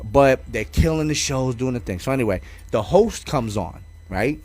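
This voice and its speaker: Man, casual podcast story, cursing, filler-heavy, lively up-and-down delivery. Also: mid-range voice, moderate pace, no echo. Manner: animated, profane, heavy on fillers. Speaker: podcast co-host.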